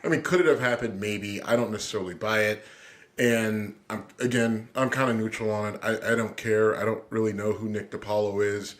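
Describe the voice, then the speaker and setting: A man's voice: lowish voice, fairly even intonation, fairly quick. A man co-hosting a casual podcast in a studio, laid-back and hesitant, often stopping and restarting. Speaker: podcast co-host.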